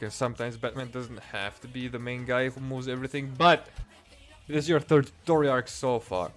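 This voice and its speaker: A man reviewing comics in a profane, exasperated and sarcastic rant. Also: medium pitch.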